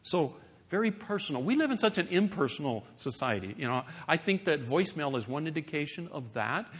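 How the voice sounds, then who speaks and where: Lively, animated male preacher. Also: on the high side, a little fast, husky. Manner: animated, conversational, playful asides and mock voices. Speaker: pastor. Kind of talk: sermon.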